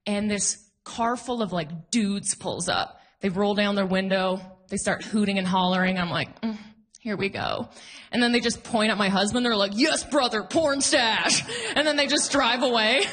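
A woman in her thirties performing a stand-up comedy set, animated and laughing at her own jokes as she acts out other people. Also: medium pitch. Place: comedy stage before a live audience.

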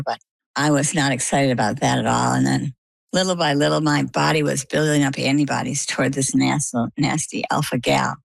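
Low, gravelly-voiced woman telling her story. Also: no echo, rough recording. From Maine. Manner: animated storytelling, acts out quoted dialogue. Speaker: interview guest. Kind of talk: personal story in an interview.

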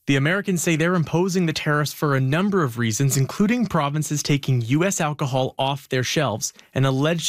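Male correspondent, measured scripted read, dry sound. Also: fairly high pitch, no room sound. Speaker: news reporter. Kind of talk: scripted news report.

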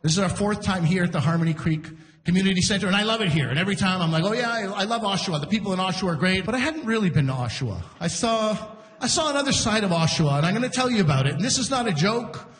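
A man hosting a live comedy show, telling a story on stage in a chatty, animated way, acting out the people in it. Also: high voice, fast. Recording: echoey hall from a distance.

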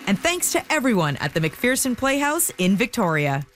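A woman reads the closing credits of a radio show in a lilting way, her pitch a little high and lively. Loud music plays underneath her voice. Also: moderate pace. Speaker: announcer. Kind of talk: reading end credits.

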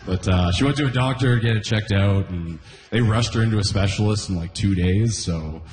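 A man's voice: lowish voice, fairly quick, a little mellow, echoey room. A young man from Canada doing a stand-up routine, laughing at his own jokes as he goes. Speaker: stand-up comedian.

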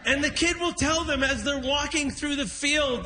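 A man from Canada doing loud stand-up comedy for a live audience, shouting his lines. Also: extremely high pitch, moderate pace, hardly any pauses. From Niagara-on-the-Lake, Canada. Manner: loud, shouting over the crowd. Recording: live room with clear ambient noise.

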